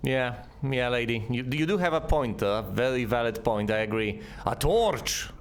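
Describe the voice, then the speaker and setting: A man's voice: mid-range voice, animated, moderate pace. Sarcastic guy doing a let's play, voice jumps all over, bit of hiss behind. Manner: wry, sarcastic, talks back to enemies. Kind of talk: gameplay commentary.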